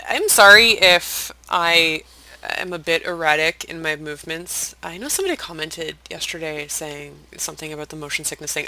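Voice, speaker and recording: A young adult chatting casually while playing a game, rambling and self-deprecating, sometimes dropping into soft whispered asides. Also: medium pitch, clean tone, dry recording, poor audio. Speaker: Minecraft let's-play host. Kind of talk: casual gameplay commentary.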